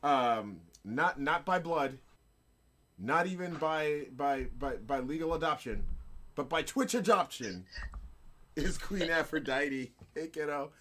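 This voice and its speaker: A middle-aged man hosting a casual live-streamed gaming and photography show, playful and laughing, giving hyped shout-outs to his chat and guests. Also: a little high, lively intonation, takes it slowly.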